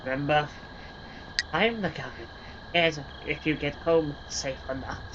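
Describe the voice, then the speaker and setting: A woman voicing a soft-spoken, menacing male stranger in a horror game, with a low, hushed, creepily reassuring delivery. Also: a little slow. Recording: dull lo-fi sound with loud noise hiss.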